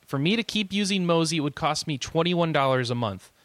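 Male podcast host, slightly high, dry close mic; loose, rambling, jokey, chuckles a lot. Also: lively intonation, fairly quick, fairly bright tone, no room sound. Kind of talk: casual podcast chat.

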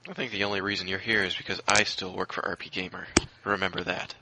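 Podcast co-host guy, gravelly low voice, sharp tone, keeps asking why. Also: flat delivery, fast, poor audio. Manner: incredulous, questioning. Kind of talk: casual podcast banter.

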